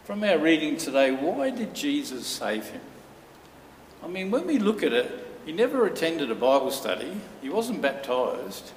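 A man preaches in a church hall, building his story with earnest, dramatic pauses. He sounds set back from the microphone, and his voice rings out in a long, echoing reverb. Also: fairly high pitch, big pitch swings, a little hiss or hum. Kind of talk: sermon. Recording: echoey hall from far off.

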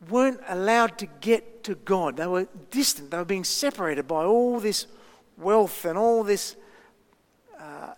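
A man, a pastor giving a chatty children's talk and sermon with frequent ums and pauses. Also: sits high. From Australia. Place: church. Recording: long reverb in a church hall.

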